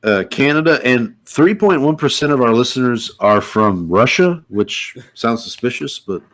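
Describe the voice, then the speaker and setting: A man's voice: mid-range voice, animated, normal speed, fairly bright tone. A man co-hosting a casual podcast chat, easygoing and hesitant, with many fillers. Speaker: podcast co-host.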